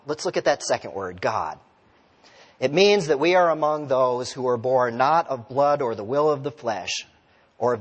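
Man preaching in a reverberant hall. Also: mid-range voice. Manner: conversational, storytelling, asks the congregation questions. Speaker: pastor. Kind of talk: sermon. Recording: long reverb of a large hall.

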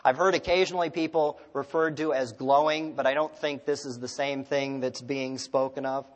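A male pastor preaching a sermon. He tells stories and asks the congregation rhetorical questions, moving between loud emphasis and hushed, quiet phrases. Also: mid-range voice, steady tone, moderate pace, in a large hall.

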